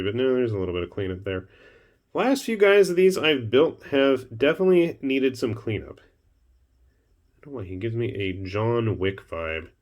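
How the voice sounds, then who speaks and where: A man hosting his own miniatures channel, chatting casually as he unboxes and builds a model, with wry asides and a bit of self-deprecating humour. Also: medium pitch. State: hiccuping. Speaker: miniatures hobby channel host.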